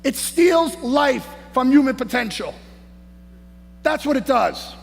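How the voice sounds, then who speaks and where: A man giving a hyped-up motivational speech as a conference speaker on stage, shouting and peppering his lines with "man" and "baby". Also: extremely high pitch, expressive, slow pace, gravelly. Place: large conference hall on stage. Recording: echoey hall, faint noise.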